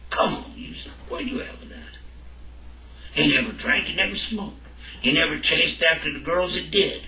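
A man's voice: a little high, moderate pace, sharp tone, slight background noise, voice pushed up. A man doing an indignant skeptical guy. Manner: indignant, challenging questions. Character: skeptical man defending a kind neighbor. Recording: echoey room, mic at a distance.

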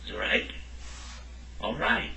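Bright-voiced man teaching a class. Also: slow pace, slight background noise. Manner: lively, quizzes listeners with questions. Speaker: religious teacher. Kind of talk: lecture to a class. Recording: echoey room, mic at a distance.

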